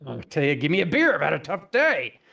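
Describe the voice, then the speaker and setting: A man's voice: a little high, wildly swooping pitch, fairly quick, creaky, pushed and bright, heavily acted. A man voicing a grumpy, belligerent bear in a spoken joke, speaking insistently. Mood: demanding. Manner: demanding, insistent.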